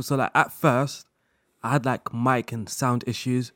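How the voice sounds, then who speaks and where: A man speaking as a guest in a casual interview chat, relaxed, laughing often and talking in loose run-on sentences full of fillers. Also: medium pitch, unhurried, no room sound, studio quality. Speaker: guest content creator.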